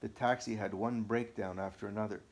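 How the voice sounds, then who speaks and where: A man narrating a first-person account as an audiobook, measured and deliberate. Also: fairly low pitch, fairly even intonation.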